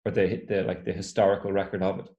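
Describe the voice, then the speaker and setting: A man co-hosting a casual podcast chat with an easygoing, agreeable manner. His voice sits fairly low, and it is recorded with a roomy echo around it. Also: little pitch movement, fast, mellow, dull audio. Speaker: podcast co-host.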